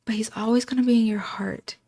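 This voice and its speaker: A woman voicing a gentle, patient grandmother in a game, speaking softly and reassuringly. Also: a little high, steady tone, fast talker, creaky, husky. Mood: soothing. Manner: soft, soothing, reassuring.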